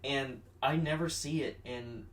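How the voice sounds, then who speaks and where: A man co-hosting a podcast in casual chat, relaxed and wry while explaining martial arts details. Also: medium pitch, measured pace. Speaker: podcast co-host. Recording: roomy room, mic at a distance.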